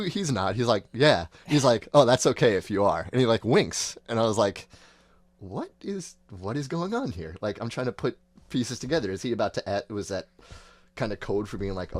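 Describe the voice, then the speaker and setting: A man's voice: on the low side, brisk, dry recording. A man in his thirties telling a long personal story in a casual, rambling way, often acting out what people said. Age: 30s. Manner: rambling, animated retelling with quoted voices. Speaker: podcast host.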